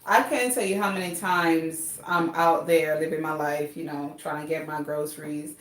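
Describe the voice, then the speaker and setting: A woman's voice: low voice, normal speed, distant mic. A woman from Jamaica with a Jamaican accent, chatting animatedly as a guest about her hair. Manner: animated, sassy, laughing. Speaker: loctician guest. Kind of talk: casual live-stream chat. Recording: echoey room with faint noise.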